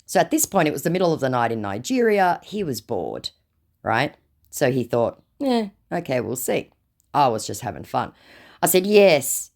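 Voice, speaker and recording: Lively, sarcastic woman telling a story. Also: rumbling low. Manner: sarcastic and mocking. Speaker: vlogger recounting scam chats. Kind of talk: storytime narration reading out chat messages.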